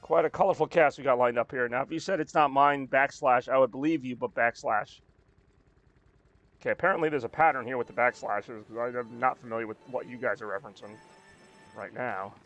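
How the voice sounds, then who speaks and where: A young man in a mid-range voice rambles and jokes while he plays, reacting to whatever his chat throws at him. Quiet game music sits under his voice. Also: mid-range voice, brisk, lo-fi sound. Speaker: streamer. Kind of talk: casual game-stream chatter.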